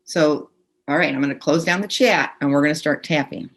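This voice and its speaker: A woman gently guiding a tapping session. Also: low-pitched, a little fast. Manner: gentle, instructive, leads phrases for the group to repeat. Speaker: tapping practitioner. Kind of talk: guided tapping session on a video call. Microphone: computer mic on a video call.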